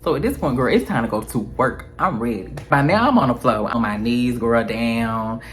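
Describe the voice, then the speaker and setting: A woman telling a story in a casual, animated, slangy way, calling her viewers girl and honey. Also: very deep voice, normal speed.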